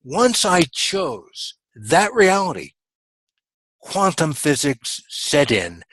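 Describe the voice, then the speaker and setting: A man's voice: fairly high pitch, very animated, takes it slowly, fairly bright tone, dry recording, poor audio. A man giving a motivational coaching talk in a webinar, earnest and emphatic, repeating his key phrases. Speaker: business coach.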